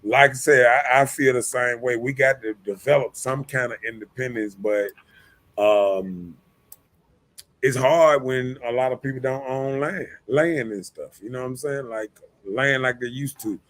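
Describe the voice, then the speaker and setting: Here a male host chats on a casual livestream, rambling with lots of repeated words and fillers and frequently dropping "you know what I'm saying." The voice is medium-pitched, fairly even, a bit bright and slightly slow, in a dry recording.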